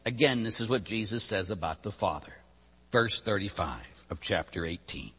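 A man, a Catholic priest preaching a sermon, swinging between loud bursts and hushed drops. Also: lowish voice, very animated, moderate pace, breathy edge. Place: church. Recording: long church reverb.

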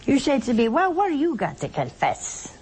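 A woman's voice: sits high, huge pitch swings, moderate pace, a little mellow, a little hiss or hum. An older woman, a nun, giving a folksy, playful spiritual talk on a call-in television program in a studio, chuckling often between points.

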